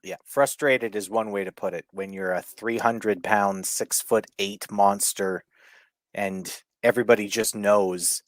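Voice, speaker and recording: A man's voice: lowish voice, fairly even intonation, measured pace, no echo. Casual, wisecracking male wrestling podcaster. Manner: swearing, mocking impressions of wrestlers. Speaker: podcast co-host. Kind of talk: casual wrestling recap chat.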